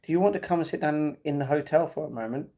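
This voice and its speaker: A man reading aloud as a composed, wealthy young man who speaks calmly and reassuringly. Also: a little high, quick pace, lightly acted. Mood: concerned.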